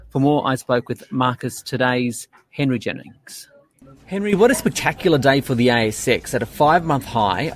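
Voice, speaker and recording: A man presenting a finance news podcast, reading market news and asking interview questions in a brisk, scripted manner. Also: medium pitch.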